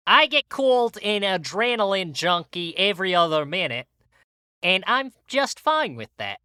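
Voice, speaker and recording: Brief: man putting on a loud, drawling mock-Aussie wildlife showman with a Brooklyn twist, crisp and dry. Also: sits high, big pitch swings, moderate pace, no room sound, heavily acted. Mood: hammy. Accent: mock Australian mixed with Brooklyn. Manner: exaggerated, drawling, loud, self-mocking. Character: cartoon duelist doing a wildlife showman impression, brash male. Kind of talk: comic impression on a podcast.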